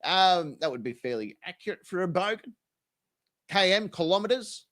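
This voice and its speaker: A man's voice: high-pitched, animated, normal speed, fairly bright tone. An Australian man, the host, giving casual, sweary, slang-filled reaction commentary and explaining local words.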